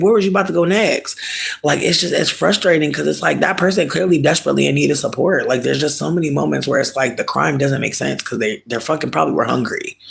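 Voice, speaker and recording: A man chatting casually with viewers, ranting in an animated, emphatic, comic way and often stretching words slowly for effect. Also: fairly high pitch, creaky. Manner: profane, drawn-out slow emphasis. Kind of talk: casual chat.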